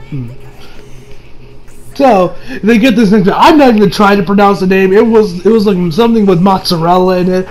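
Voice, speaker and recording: A young man casually recapping an anime episode, rambling and excitable, often breaking into laughter. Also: sits high, normal speed, soft background music, low-quality recording. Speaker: anime reviewer.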